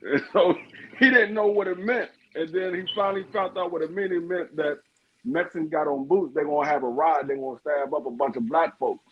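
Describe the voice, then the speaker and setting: A man's voice: a little high, brisk, husky, lo-fi sound. A man on a casual livestream panel who tells stories in a rambling way, stumbling and repeating himself.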